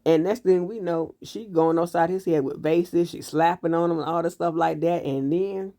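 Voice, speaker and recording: A man recapping a TV series episode in casual, animated commentary, blunt and full of profanity. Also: on the high side, normal speed, dry recording, studio quality. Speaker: TV show reviewer.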